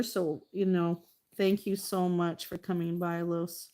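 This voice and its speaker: A woman's voice: lowish voice, flat delivery, slow pace, warm tone. A middle-aged woman chatting casually while she paints live, talking to her painting and thanking viewers. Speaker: artist livestreaming.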